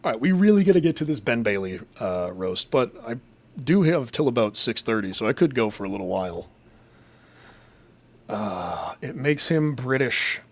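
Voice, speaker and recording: A man's voice: medium pitch, sing-song, normal speed. Guy from massachusetts riffing on his show, swears a ton, voice bounces all over. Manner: crude, profane, jokey. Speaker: live show host reading chat. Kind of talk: casual rambling chat.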